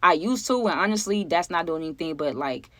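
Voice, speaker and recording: A woman chatting casually to her viewers as she tells a personal story, animated and conversational, often asking them for their opinions. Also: lowish voice, fairly quick, no room sound. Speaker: storytime vlogger.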